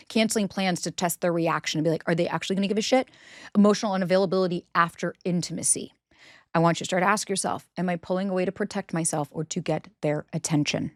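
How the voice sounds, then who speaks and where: A woman hosting a podcast, talking through relationship advice in a casual, animated way and acting out quoted voices. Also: lowish voice, no echo, studio quality. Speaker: podcast host.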